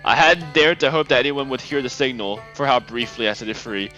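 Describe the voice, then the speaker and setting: A man reading aloud the lines of a remorseful ancient alien prisoner, hushed and earnest. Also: mid-range voice, fairly even intonation, brisk, muffled recording, soft background music, natural voice. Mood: solemn. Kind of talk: reading game dialogue aloud.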